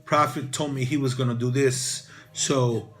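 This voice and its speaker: A man's voice: medium pitch, steady tone, a little slow. A man giving casual motivational advice to camera, rambling with many "you know" fillers. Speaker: real estate broker and channel host.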